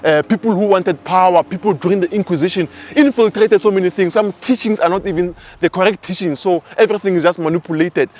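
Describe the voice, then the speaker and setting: A man in his twenties with a South African accent, giving a casual, animated spiritual teaching talk. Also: sits high, quick pace, few pauses. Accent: South African English. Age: 20s. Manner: animated storyteller.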